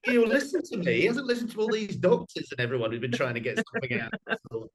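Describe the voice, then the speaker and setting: A man's voice: on the high side, very animated, fast. A man guesting on a podcast, wry and joking, quoting characters mockingly. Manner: wry, joking, with mock quotes. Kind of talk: casual podcast chat.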